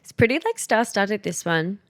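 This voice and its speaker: A woman's voice: medium pitch, animated, moderate pace. A woman co-hosting a pop culture podcast, leading the segment in casual chat with many fillers. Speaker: podcast co-host.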